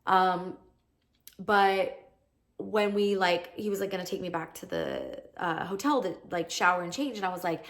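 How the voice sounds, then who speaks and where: A woman's voice: lowish voice, sing-song, moderate pace. Chatty woman podcast host, storytelling. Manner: chatty, peppered with "like", acts out quoted lines. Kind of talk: casual storytelling monologue.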